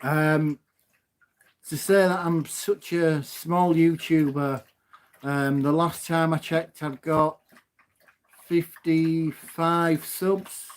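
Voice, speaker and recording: A loud, gobby man chats on a live stream from his phone at home, laughing as he goes. His voice sits fairly high for a man, and he takes his time over the words. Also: steady tone, takes it slowly, clean tone. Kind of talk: casual live stream chat.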